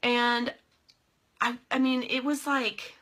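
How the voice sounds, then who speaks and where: Young woman, bright voice, goofy and chatty, a live vlogger who calls out viewers by name. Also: fairly high pitch, level tone, takes it slowly. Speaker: vlogger and direct sales team leader. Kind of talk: casual live video chat.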